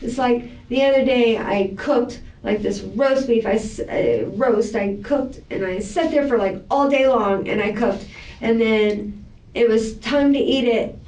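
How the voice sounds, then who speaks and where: A woman being questioned by police, rambling and defensive as she vents, her somewhat high voice landing from a distance in an echoey interview room. It sounds like a real interrogation recording. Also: a little slow, a little mellow, muffled recording.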